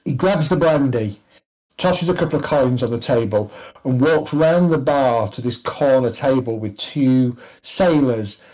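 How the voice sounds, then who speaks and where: Slow, measured game master man. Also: mid-range voice, a little mellow, rough recording. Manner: unhurried, descriptive, with many restarts. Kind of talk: narrating a tabletop game.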